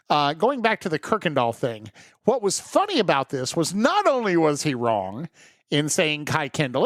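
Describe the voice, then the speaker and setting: A man hosts his own podcast and tells stories from his radio days in a chatty, amused way. His voice sits a little high for a man and swings widely in pitch as he talks. The sound is dry and close, with no room around it. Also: dry recording. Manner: chatty, amused, animated storytelling. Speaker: podcast host, former radio broadcaster. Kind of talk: casual storytelling monologue.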